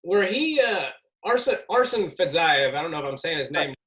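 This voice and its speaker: A man's voice: fairly high pitch, big pitch swings, normal speed, fairly bright tone. A man hosting a casual podcast interview, asking curious questions. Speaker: podcast host.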